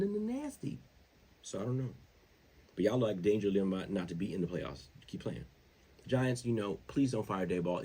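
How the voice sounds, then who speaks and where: A man hosting his own show, talking football in a casual, slangy, rambling way that gets more animated as he goes. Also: deep voice, husky. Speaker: show host. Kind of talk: casual sports commentary.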